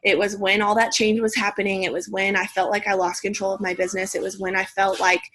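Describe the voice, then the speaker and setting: A young woman leading her team on a video call, speaking in a direct, energetic pep-talk manner. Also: medium pitch, fast talker. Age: young adult. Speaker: team leader.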